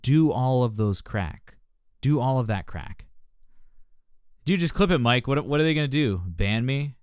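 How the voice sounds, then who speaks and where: Lively, passionate male vocal coach. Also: medium pitch, normal speed, clean tone, dry recording, studio quality. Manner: passionate, joking, animated teaching. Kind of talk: live-stream reaction commentary.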